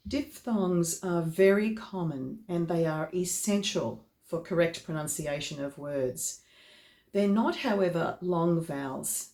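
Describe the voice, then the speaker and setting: Woman vocal coach, slow and deliberate delivery, lower pitch, roomy echo. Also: dark tone. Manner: slow, deliberate, demonstrates example words one by one. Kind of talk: instructional explanation.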